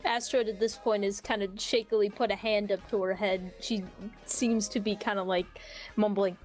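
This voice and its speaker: A woman's voice: mid-range voice, level tone, normal speed, darkish tone, soft background music. A woman at a tabletop game, describing in the third person what her character does. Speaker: tabletop player. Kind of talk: narrating her character's actions.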